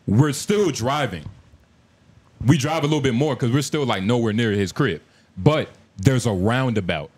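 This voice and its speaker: A man's voice: mid-range voice, moderate pace, husky. A man on a casual podcast telling a story with lots of energy, acting out the voices of the people in it. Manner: animated, acts out quotes, interrupts to correct. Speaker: podcast co-host.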